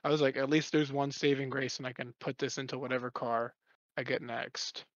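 A man's voice: medium pitch, flat delivery, fairly quick, no echo. A young man telling a story in a casual chat, rambling and swearing often. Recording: dull lo-fi recording.

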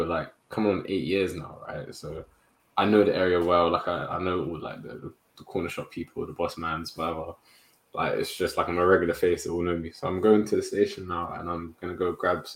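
A young man, telling a story in a casual podcast chat among friends, full of slang and lively retelling. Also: sits low. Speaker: podcast co-host.

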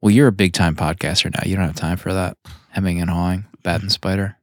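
A man's voice: low voice, fairly even intonation, quick pace, no room sound, studio quality. A man co-hosting a comics podcast, chatting casually and wryly about old episodes. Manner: wry, reminiscing, lots of laughs. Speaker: podcast co-host. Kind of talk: casual chat.

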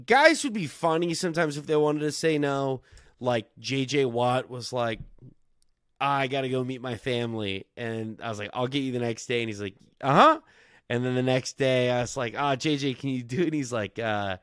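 A young man tells stories to a podcast mic, animated and quick to act out the people he quotes. He swears freely and keeps a casual tone. His voice sits in a middle register, recorded dry and close. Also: mid-range voice, clean tone, dry recording. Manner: animated, swearing, quoting others in dialogue. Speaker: podcast guest. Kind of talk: casual storytelling.

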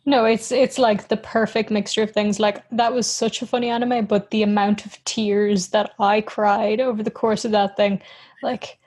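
A woman's voice: medium pitch, level tone, moderate pace, a little mellow, breathy edge. A woman co-hosting a podcast in a casual chat, giggly and rambling, often poking fun at herself. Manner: giggly, rambling, self-mocking. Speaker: podcast co-host.

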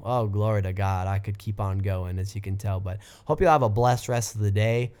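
A man's voice: fairly even intonation, moderate pace, few pauses, a little mellow, clear, resonant tone. A man hosting a podcast, giving an informal, fervent sermon with asides and restarts. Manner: fervent, exclaiming, lifts pitch when quoting scripture. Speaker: podcast host teaching the Bible.

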